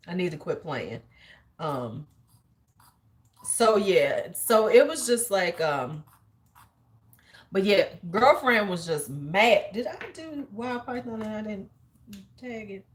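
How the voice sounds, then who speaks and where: A woman in her forties with a medium-pitched voice hosts a beauty livestream. She tells a story in lively, slang-filled casual chat and laughs often.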